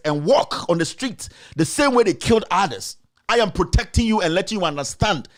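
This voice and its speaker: A man with a Ghanaian accent giving passionate political commentary as a talk show host, answering his critics directly with repeated rhetorical questions. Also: sits high. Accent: Ghanaian English.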